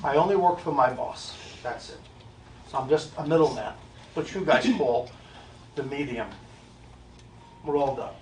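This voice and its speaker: Speaking to a crowd in a live event hall, this American medium is blunt and emphatic, going over his points again and again with jokes thrown in. His pitch is medium, and he takes his time with frequent pauses. A distant mic picks up room echo and a little background noise.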